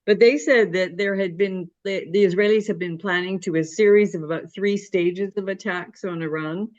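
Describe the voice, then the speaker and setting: A woman's voice: medium pitch, steady tone, moderate pace, darkish tone. A woman co-host asking a question, searching for words as she goes. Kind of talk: casual conversation. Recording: dull lo-fi call audio.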